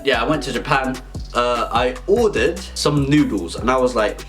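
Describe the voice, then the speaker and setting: A man's voice: medium pitch, brisk. Rambling young guy vlogging. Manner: meandering, stumbling, deadpan absurd. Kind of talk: rambling comic storytelling. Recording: faint background music.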